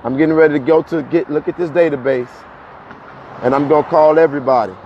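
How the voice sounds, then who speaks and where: A fairly high-voiced man talks in to his live-stream viewers, a little out of breath as he walks uphill outdoors. He is animated, often repeats words and laughs between points. The phone audio is dull and lo-fi, with faint street noise behind him. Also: fast talker. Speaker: livestream host.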